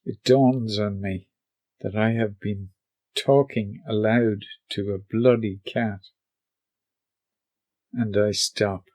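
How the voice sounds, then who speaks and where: A man hosting a workshop video, giving scripted narration with dry, deadpan humor. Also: on the low side, slow pace, pauses often.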